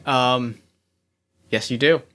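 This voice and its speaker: A male game master hosts a tabletop role-playing game and sets scenes in a loose, halting way. His voice is bright and clear at an ordinary pitch. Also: fairly even intonation. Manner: loose, hesitant scene-setting with many fillers.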